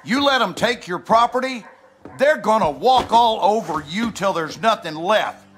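A contemptuous father in a video game, who talks down to his son slowly and gruffly. His voice sits high and swings widely as he lectures. Quiet music plays underneath. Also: animated. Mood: scornful. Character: harsh, bullying father scolding his young son. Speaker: stern father. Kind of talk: video game cutscene acting.

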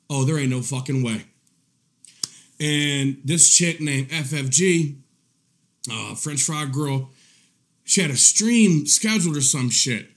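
Man streaming, rambling and cussing, higher voice, pitch jumping all over, laughs a lot. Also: fairly bright tone. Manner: profane, repetitive, laughs often. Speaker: live-stream commentary host. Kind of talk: casual rambling stream talk.

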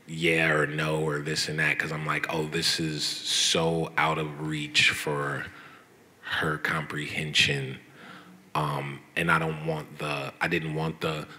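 Deep-voiced young man answering fans live, punchy and bright, swears freely. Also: a little slow, slight background noise. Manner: animated, swears, tells stories. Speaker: guest artist answering fan questions. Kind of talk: casual live Q&A. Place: event hall with audience.

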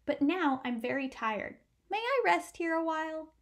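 A woman's voice: high voice, sing-song, normal speed, voice pushed up. A woman voicing a young male mouse from a storybook, polite and eager. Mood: earnest. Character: young hopeful male mouse, earnest and brave.

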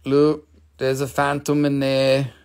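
A man's voice: monotone, takes it slowly, vocal fry, a little mellow, smooth. A middle-aged man hosting a live crystal sale, chatty and playful, showing stones and calling out prices. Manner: playful, chatty, jumps into squeaky high joke voices. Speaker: live-stream crystal seller. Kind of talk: casual live sales chat.

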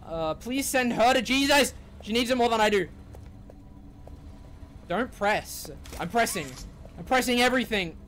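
Panicking young streamer shouting and swearing. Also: male voice, extremely high pitch, lively intonation, measured pace, long pauses, slight background noise. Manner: screams, swears and panics loudly. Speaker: gaming streamer. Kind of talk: live horror game reactions.

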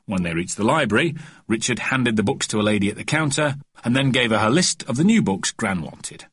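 Husky guy reading a kids audiobook, bouncy expressive, dry close sound. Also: fairly low pitch, brisk, dry recording. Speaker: audiobook narrator. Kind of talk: children's storybook narration.

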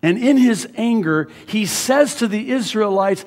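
A man preaching a sermon as pastor, dropping to hushed words and rising to loud emphasis. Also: high voice, expressive, unhurried, hardly any pauses, long reverb tail. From USA. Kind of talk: expository sermon. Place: church sanctuary.

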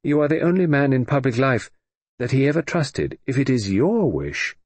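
A man's voice: mid-range voice, very animated, normal speed, darkish tone, no room sound, pitched above the performer's own voice. A man voicing an anxious, earnest female assistant in an audiobook reading. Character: woman assistant, anxious and quick. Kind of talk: audiobook character voice.

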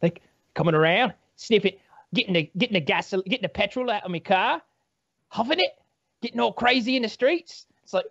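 A man's voice: high-pitched, lively intonation, fairly quick, a bit bright, no room sound, lo-fi sound. A man on a podcast telling a crude, rambling story with lots of filler. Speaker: podcast co-host.

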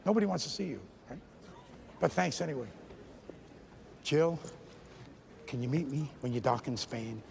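An actor playing an intense, volatile male stage star on a phone call, lovesick and swinging from low brooding menace to shouting. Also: lively intonation, normal speed, creaky, pauses often, a little hiss or hum. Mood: tender.

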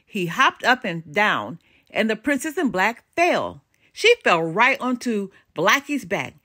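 Older woman reading a storybook expressively. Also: mid-range voice. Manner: expressive, animated storytelling with dramatic pauses. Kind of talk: children's storybook read-aloud.

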